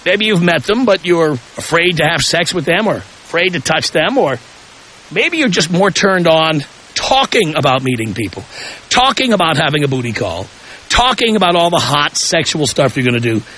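A man with a high, bright voice hosts a call-in radio talk show. He swings his pitch widely as he drives home provocative, pointed questions with heavy emphasis. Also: big pitch swings, normal speed, low-quality recording.

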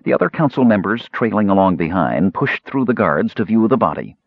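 Husky, low-voiced male storyteller. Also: very animated, brisk, dry recording. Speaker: audiobook narrator. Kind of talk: scripted narration. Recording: slightly muffled dry recording.

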